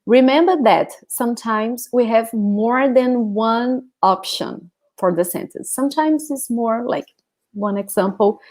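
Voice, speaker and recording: Woman, Brazilian accent, language teacher, slow careful pace, explains, checks understanding, laughs easily. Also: on the high side, a little mellow. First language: Portuguese. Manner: patient, explanatory, checks in with "okay?", laughs often. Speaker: Portuguese teacher. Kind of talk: live online language class.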